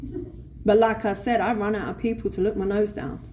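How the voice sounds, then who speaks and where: A woman with a London accent telling her recovery story at a convention, blunt, swearing and animated. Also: medium pitch, brisk. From England. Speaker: recovery speaker. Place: convention hall stage. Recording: faint room noise at a convention.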